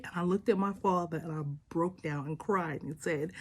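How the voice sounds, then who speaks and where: A woman in her thirties telling a family story to her viewers in a casual, animated way, often laughing and calling them y'all. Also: lowish voice, moderate pace, few pauses.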